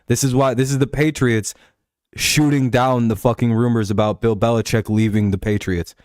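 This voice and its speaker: A man's voice: medium pitch, steady tone, moderate pace, darkish tone, dry recording. A man hosting a casual sports commentary show, rambling and profane, laughing often between points. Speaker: show host.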